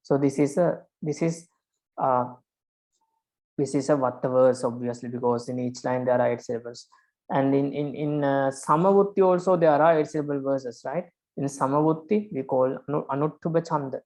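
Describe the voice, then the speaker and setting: Woman, low pitch, online lesson, checks in often, counts syllables aloud. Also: a little mellow. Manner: patient, repeats key words, checks with "right?"; sounds out verse syllable by syllable. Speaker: Pali prosody teacher.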